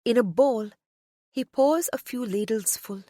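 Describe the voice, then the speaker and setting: A soft-spoken woman narrating a first-person romance audiobook, often dropping to a whisper. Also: on the high side, a little slow, no room sound, clean studio sound.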